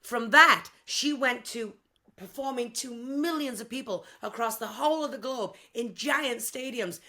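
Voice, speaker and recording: A woman's voice: fairly high pitch, unhurried, bright, forceful tone. A woman in her fifties, a tribute singer, chatting as a guest in a playful way and calling people honey. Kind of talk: casual interview chat.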